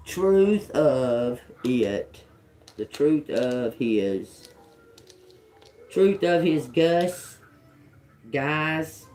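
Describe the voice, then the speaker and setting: A woman's voice: sits low, lively intonation, extremely slow, pauses often, warm tone, faint music behind. A woman giving a live-stream tarot reading, thinking aloud, repeating single words to herself, blunt and profane, often chuckling. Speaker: tarot reader.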